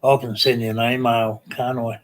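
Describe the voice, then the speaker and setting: An Australian man hosting a live stream, chatting casually with viewers and reading their comments, slow and rambling with many pauses and restarts. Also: medium pitch, level tone.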